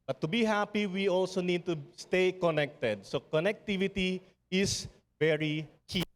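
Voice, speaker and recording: A middle-aged man with a Filipino accent delivers a conference keynote with a slightly high voice. His speech is earnest and rousing, built on repeated refrains. His words ring out with a long reverb through a large hall. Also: normal speed. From Philippines. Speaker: summit speaker.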